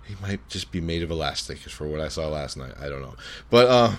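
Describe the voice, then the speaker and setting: A man co-hosting a casual wrestling podcast, laid-back but animated, with some swearing. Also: rumbling low, a little fast. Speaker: podcast co-host.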